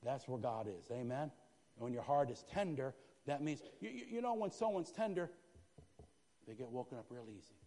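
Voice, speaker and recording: A male pastor preaching a sermon with fervor, dropping to a hush and then rising to shouts, and calling out "Amen?" to his congregation. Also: medium pitch, animated, normal speed, in a large hall. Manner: fervent, swinging from hushed to shouting. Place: church sanctuary.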